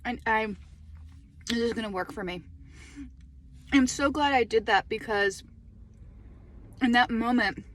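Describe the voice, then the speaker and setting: A middle-aged woman talking casually to her phone camera from a parked car, chatty and animated, laughing often. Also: a little high, a little slow, long pauses. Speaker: lifestyle vlogger.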